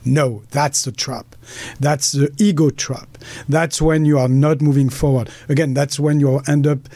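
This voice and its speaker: A man's voice: fairly high pitch, level tone, measured pace, mellow, dry recording. A man with a French accent, speaking as a guest in a passionate, blunt way. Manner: emphatic, blunt, acts out quoted voices. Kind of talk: passionate conversation.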